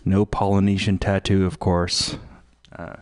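Slow, low-voiced rambling radio man. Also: little pitch movement, clear, resonant tone. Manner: profane, slow and meandering. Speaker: radio host. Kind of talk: rambling live radio banter.

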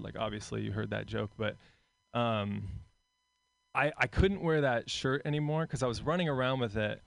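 A man's voice: medium pitch, vocal fry, dry recording. A man performing stand-up comedy on a club stage, chatting with the crowd and acting out characters. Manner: crowd work, acts out kids in voices. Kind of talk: stand-up set.

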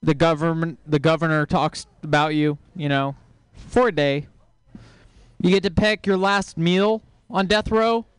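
A man from Texas doing a stand-up set, delivering dry deadpan one-liners. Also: a little high, measured pace, smooth, dry recording. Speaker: stand-up comedian. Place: comedy show on stage.

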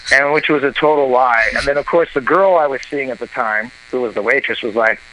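A man telling a long comic story on a talk show, animated and profane, acting out what others said. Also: mid-range voice, a little fast, low-quality recording. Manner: animated, profane, acts out quoted voices. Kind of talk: casual storytelling.

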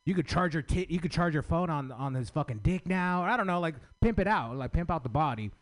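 A man's voice: fairly high pitch, fairly quick. A man riffs loosely on a fellow comic's set, jumping from idea to idea. He swears freely and fills gaps with "uh" and "like.". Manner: rambling, excitable, profane, many fillers. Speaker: fellow comedian giving feedback. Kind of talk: casual feedback chat.

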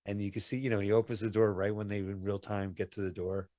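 A man's voice: lowish voice, little pitch movement, quick pace, mellow, no room sound, studio quality. A man co-hosting a radio show, reacting casually while watching a movie. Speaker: radio co-host. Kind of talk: casual movie commentary chat.

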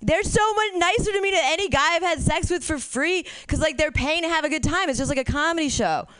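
A woman's voice: high voice, a little fast, fairly bright tone, dry recording. A woman doing a stand-up set, telling crude stories candidly and laughing at her own jokes. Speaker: stand-up comic.

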